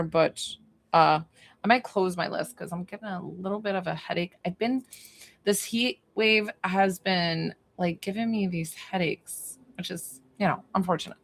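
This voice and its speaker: A woman's voice: on the low side, unhurried. A woman hosting a live stream as a psychic medium from her basement, chatting effusively with viewers and swearing casually. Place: basement room.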